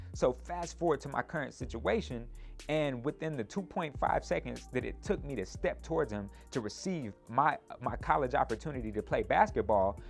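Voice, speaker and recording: A man in his twenties telling a personal story in a lively, animated way, often ending points with a quick question to the listener. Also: medium pitch, gravelly. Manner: animated, speeds up in retellings, tag questions.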